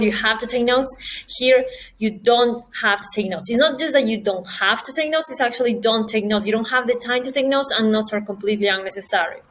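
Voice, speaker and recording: Woman, test-prep teacher, fairly high voice, quick explaining lecture. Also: slight background noise, rough recording. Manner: talks fast with restarts, steady explaining tone. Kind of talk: lecture presentation.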